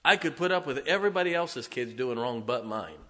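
A middle-aged male pastor preaching in a church, his voice bright and forceful as it rings through a long reverb. He jumps from emphatic outbursts to hushed, confiding asides and keeps chuckling between points. It sounds like an everyday congregation sermon. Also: mid-range voice, expressive, fairly quick. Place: church sanctuary.

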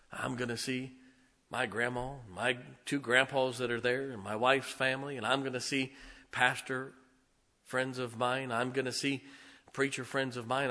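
Bright-toned preaching man, loud then hushed. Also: medium pitch. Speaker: pastor. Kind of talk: sermon.

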